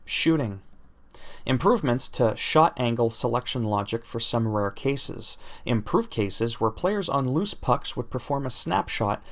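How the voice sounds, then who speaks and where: Reading patch notes out loud, a male gaming YouTuber talks a little slowly and expressively in the middle of his range. He pauses for self-mocking quips and cracks himself up with his asides.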